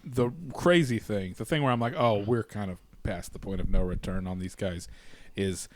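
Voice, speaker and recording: A man's voice: on the low side, moderate pace. A man in a casual comedy podcast chat, ranting with restarts and putting on mocking voices.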